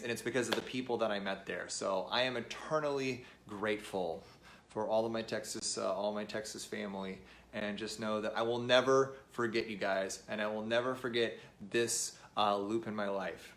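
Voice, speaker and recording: A man's voice: on the low side, a bit bright, a little hiss or hum. A man hosting his weekly motivational show, talking to camera in an earnest, rallying way and calling his viewers "guys".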